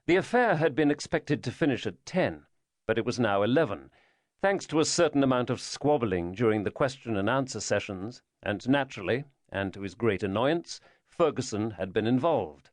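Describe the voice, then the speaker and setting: A man narrating a thriller audiobook in a measured storytelling manner. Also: mid-range voice, lively intonation, no room sound. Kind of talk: scripted narration.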